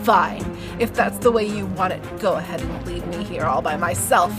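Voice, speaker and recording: A woman's voice: mid-range voice, moderate pace, over music, natural voice. Lady reading a cold bitter old granny from a novel, self-pitying, kinda plain voice. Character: bitter, stiff old grandmother. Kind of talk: dramatic read-aloud of a novel.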